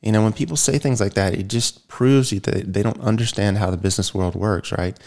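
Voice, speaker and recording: A man's voice: on the low side, fairly quick, gravelly, darkish tone. A man speaking as an interview guest in a casual, rambling monologue, blunt and peppered with fillers and swearing.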